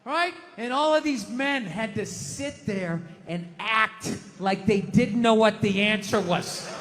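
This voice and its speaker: A man doing a profane, shouting stand-up comedy rant at a live show. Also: high voice, takes it slowly. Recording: live show with audience noise.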